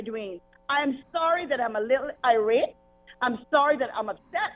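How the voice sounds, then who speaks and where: A woman's voice: sits high, expressive, normal speed. A woman caller making an impassioned, repetitive complaint over the phone, upset and pleading. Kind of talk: irate call-in complaint. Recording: tinny phone line.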